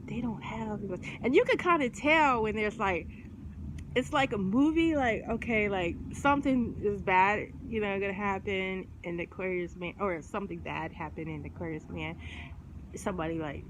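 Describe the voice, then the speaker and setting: A woman's voice: medium pitch, moderate pace. A middle-aged woman vlogger chatting casually, rambling in slangy talk and laughing often. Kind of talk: casual chat. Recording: noisy background ambience.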